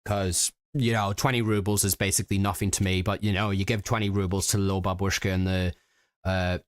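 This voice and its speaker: A man's voice: low-pitched, level tone, brisk, clear, resonant tone, no room sound, studio quality. A man from Britain telling stories in a casual stream. He rambles and halts, with many fillers and restarts. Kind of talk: casual storytelling chat.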